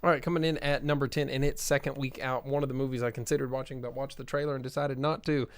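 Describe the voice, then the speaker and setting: A man's voice: medium pitch, little pitch movement, fast talker. A man co-hosting a movie podcast, reading box office figures in a matter-of-fact, casual way. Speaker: podcast co-host.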